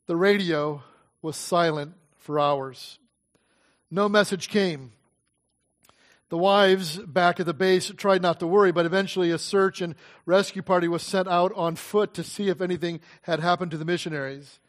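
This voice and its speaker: A preacher with a notably high voice recounts a story from the pulpit. He speaks earnestly and dramatically, letting pauses hang for effect. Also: steady tone. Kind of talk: sermon storytelling.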